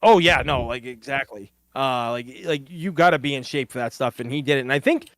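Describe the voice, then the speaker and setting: A man's voice: medium pitch, a little fast, a bit bright, no echo. A young man co-hosting a gaming livestream, rambling casually with many fillers. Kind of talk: casual chat.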